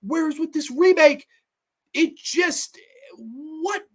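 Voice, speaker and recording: A man's voice: extremely high pitch, slow. A man hosting a horror movie review show, ranting in a profane, heated and sarcastic way. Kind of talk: solo movie review rant.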